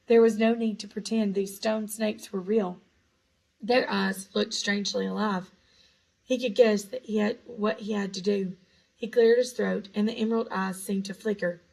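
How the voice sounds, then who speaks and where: A woman reading a storybook aloud in a hushed, suspenseful manner, now and then correcting small slips. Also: medium pitch, gravelly, low-quality recording. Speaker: audiobook reader. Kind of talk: storybook narration.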